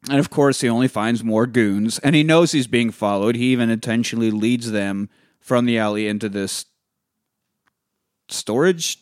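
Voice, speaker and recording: A man's voice: medium pitch, no echo, studio quality. Profane man recapping a film. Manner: profane, acts out scenes in quick voices. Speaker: podcast co-host. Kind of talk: casual chat recapping a film.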